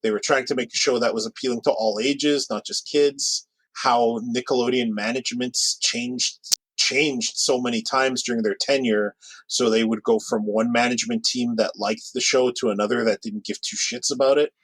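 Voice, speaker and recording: A man co-hosting a podcast in casual chat, rambling along with restarts and quick asides. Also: medium pitch, steady tone, a bit bright, slightly rough, no echo, poor audio. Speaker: podcast co-host.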